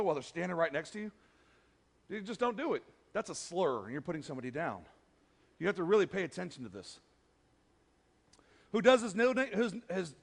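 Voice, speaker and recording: A young man preaching a sermon as pastor, animated, acting out quotes and joking with the congregation. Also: fairly high pitch, quick pace, gravelly. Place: church sanctuary. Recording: long hall reverb.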